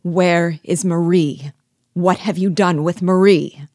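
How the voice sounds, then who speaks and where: A woman reading aloud the lines of a jealous, angry young man, her voice raised and forceful. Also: deep voice, normal speed, no room sound, studio quality. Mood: furious.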